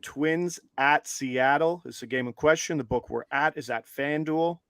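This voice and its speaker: A man's voice: fairly high pitch, measured pace, clear, resonant tone, no echo. A man co-hosting a live sports betting stream, upbeat and walking viewers through each step. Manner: upbeat, steady and instructive, walks viewers through steps. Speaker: co-host.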